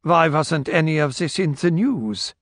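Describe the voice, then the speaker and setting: A narrator voices a composed killer who speaks slowly and quietly. The menace stays cool and controlled, and the close recording has almost no room sound. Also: male voice, a little high, lively intonation, no echo, voice pushed up. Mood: probing. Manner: slow, quiet, coolly menacing. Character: cold, calm male interrogator and killer.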